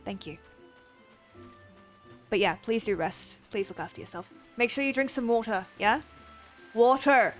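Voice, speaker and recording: A woman's voice: medium pitch, a bit bright. Chatty woman livestreaming a game. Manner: chatty, laughs often, swears freely. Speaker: streamer. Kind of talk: casual livestream chat.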